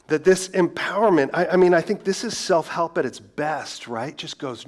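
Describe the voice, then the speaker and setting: A man's voice: a little high, expressive, moderate pace, few pauses. Conversational pastor man preaching a sermon. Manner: conversational, rhetorical questions, self-deprecating asides.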